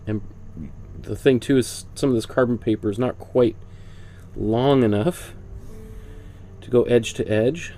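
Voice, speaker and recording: A man's voice: medium pitch, measured pace, pauses often, dark tone, soft background music. Man, painting instructor, stuffy from a cold, chatty, explains step by step, mid-range voice. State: congested with a cold. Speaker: art instructor. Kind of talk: casual painting demonstration.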